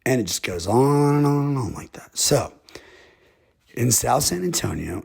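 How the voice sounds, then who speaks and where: A man tells a rambling comic tale in a slow drawl, breaking into chuckling asides. His voice is gravelly and rough, with a husky rasp over every line. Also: mid-range voice, darkish tone. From Texas. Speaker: comedic storyteller.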